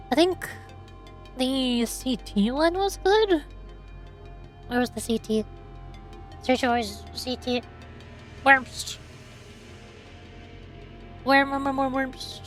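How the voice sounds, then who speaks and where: Casting: a high-voiced woman streamer, chatty and joking, thinking out loud. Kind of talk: casual live-stream chat.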